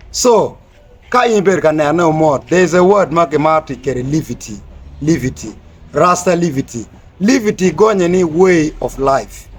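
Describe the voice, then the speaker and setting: A man giving a spoken lesson on word meanings, mixing English with another language and spelling words out slowly. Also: on the high side. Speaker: teacher of Rasta language.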